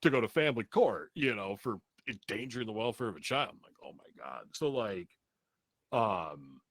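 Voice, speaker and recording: A man's voice: lowish voice, lively intonation, normal speed, fairly bright tone, no echo. A man on a podcast telling a rambling, profane story in a casual way, laughing now and then.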